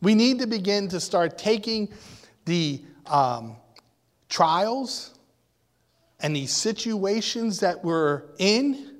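A man's voice: high voice, very animated, slow. A man preaching a sermon, speaking emphatically and asking the congregation questions. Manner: emphatic, rising and falling, asks the congregation questions. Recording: long hall reverb.

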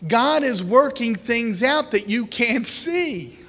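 A man delivers a sermon to his congregation in a high, bright voice. He speaks slowly and animatedly, acting out the voices of worried people and of God. The sound rings with a long hall reverb. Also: animated. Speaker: preacher.

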